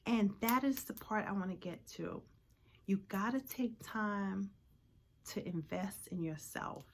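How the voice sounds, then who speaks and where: A woman's voice: medium pitch, a little slow. A woman in her forties giving a personal motivational talk to camera, earnest and reflective. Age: 40s. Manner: earnest, reflective, many fillers. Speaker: vlogger.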